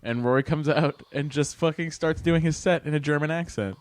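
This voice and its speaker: A man's voice: fairly high pitch, a little fast, dry recording. A man in his thirties, a comedian guest on a podcast, talking casually, emphatic and full of swearing.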